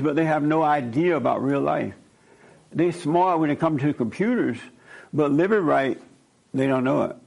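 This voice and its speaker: A man's voice: on the high side, gravelly, a little mellow, rough recording. A man who works as a counselor, telling stories in a casual, emphatic way and acting out both sides of conversations. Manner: emphatic, repetitive, quotes himself and others in dialogue. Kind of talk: informal storytelling talk.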